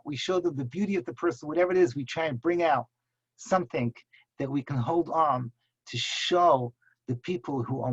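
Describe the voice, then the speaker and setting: A man's voice: medium pitch, dry recording. A man teaching a Torah lecture, impassioned and repeating words for emphasis. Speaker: rabbi teaching a class. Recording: husky voice, dull lo-fi sound.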